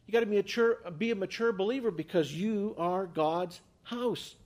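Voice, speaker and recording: Man, pastor, sermon, emphatic, rhetorical questions, fairly high voice. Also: normal speed, a little mellow.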